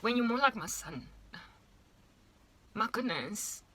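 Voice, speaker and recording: A woman's voice: on the high side, big pitch swings, slow pace, bright, forceful tone, husky. A South African woman in her thirties, rambling playfully through a casual monologue with exaggerated asides. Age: 30s. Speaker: vlogger.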